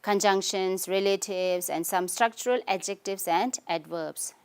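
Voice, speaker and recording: A woman's voice: mid-range voice, a little slow, smooth. A woman teaching an English grammar lesson with a Tibetan accent, explaining patiently and checking understanding with "okay?" after each point. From Tibetan community in India. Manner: explanatory, frequent "okay?" and "you can say" checks. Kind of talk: recorded lesson.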